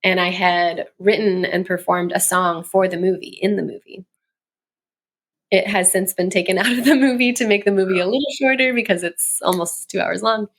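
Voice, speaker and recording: A woman in her thirties talks as a guest on an interview show, telling long stories in a loose, chatty way. She laughs often between thoughts, and her voice sits at an ordinary middle pitch. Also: fairly even intonation, normal speed. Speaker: guest, communication coach and musician. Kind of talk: casual interview chat.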